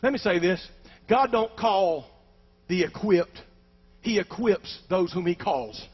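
A man preaching with fervor, his voice pitched unusually high for a man. He keeps calling out to the congregation as he preaches. The recording sounds dull and lo-fi. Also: animated, takes it slowly, slightly rough. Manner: fervent, calls out to the congregation. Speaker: pastor. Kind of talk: preaching a sermon.

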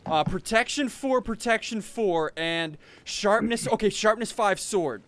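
A young man giving excited gameplay commentary, laughing often and repeating himself. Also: high-pitched, a little slow. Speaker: gaming YouTuber.

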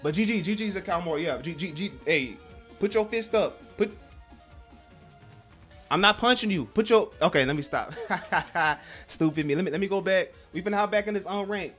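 A young man chatters through a live fighting-game stream, excitable and quick to call himself out. His voice sits high, and faint game music plays underneath. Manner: excitable, self-deprecating, swears mildly. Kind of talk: casual gaming commentary.

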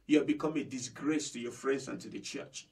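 A man's voice: medium pitch, steady tone, brisk, vocal fry, a little mellow, distant mic. A man preaching a sermon as pastor. He is fervent, repeats phrases for emphasis and speaks straight to his listeners. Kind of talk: impassioned sermon.

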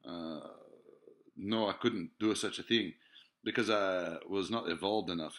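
A man with a deep, fairly bright voice rambles unhurriedly through a profane monologue. It's packed with hesitations and filler sounds as he digresses, muses, and poses rhetorical questions.

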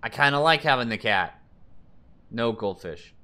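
This is a man giving relaxed let's-play commentary, chatting to himself as he clicks through options and reads the on-screen text aloud. His voice is bright and forward, and his pitch swings up and down as he goes. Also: moderate pace, clean tone. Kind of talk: casual gameplay commentary.

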